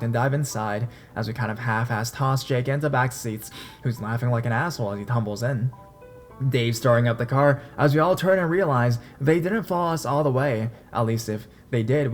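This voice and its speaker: Man narrating a horror story over music. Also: medium pitch. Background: faint dark background music.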